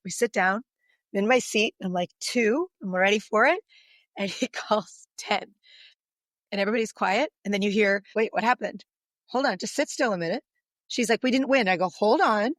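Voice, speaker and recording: Middle-aged mom guest, brightly animated storyteller who does the voices, dry close mic. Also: female voice, mid-range voice, normal speed, no room sound. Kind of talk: casual storytelling on a podcast.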